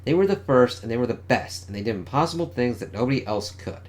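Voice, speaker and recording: A man reading the lines of an urgent, analytical young woman genius from a comic, in a slightly hurried voice. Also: mid-range voice, animated, lightly acted. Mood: earnest.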